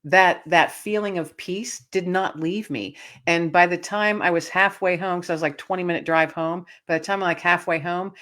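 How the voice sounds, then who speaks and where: Woman, low voice, interview guest, animated storytelling, laughs often, lots of fillers. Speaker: guest author.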